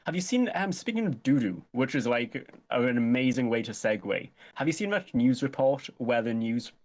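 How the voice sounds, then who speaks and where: A man chats as a guest, joking and laughing often. His pitch jumps around a lot. He talks in a lively, playful way. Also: normal speed. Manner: animated, jokey, laughs a lot. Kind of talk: casual comedy chat.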